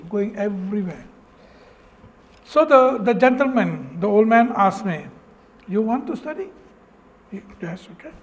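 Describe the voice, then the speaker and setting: Telling an audience about his own life, a Malaysian man from Penang speaks in English with a local accent and a rather high voice. His delivery is heartfelt and sincere, though he often stops partway through a phrase and goes back over it.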